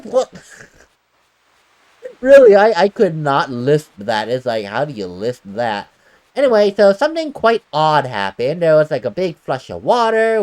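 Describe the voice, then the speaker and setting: A woman's voice: sits low, darkish tone. A woman giving chatty, laughing commentary on a game she is playing. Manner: chatty, laughs often, self-deprecating. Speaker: let's play host. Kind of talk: casual gameplay commentary. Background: faint game music.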